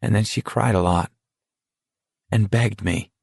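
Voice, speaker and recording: A man voicing an earnest teenage boy in a deadly walking contest, speaking in a confiding, rambling, quietly hurt way. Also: fairly low pitch, a little slow, vocal fry, husky, no room sound, studio quality, full character voice.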